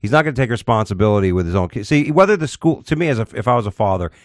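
A man's voice: fairly low pitch, expressive, very fast, dry recording, clean studio sound. A man hosting a casual talk show, reading odd news stories aloud and giving blunt, profane opinions with stumbles.

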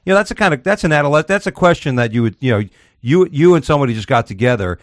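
A man's voice: mid-range voice, very fast, no room sound, studio quality. A man hosting a podcast in casual chat, rambling and profane as he tells stories. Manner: profane, rambling, animated storytelling. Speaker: podcast host.

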